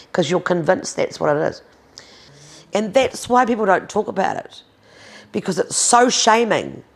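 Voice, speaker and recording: In a frank conversational interview, a domestic violence advocate in her fifties talks bluntly in a New Zealand accent. Her gravelly voice rises and falls sharply as she hammers home each point, and she swears without holding back.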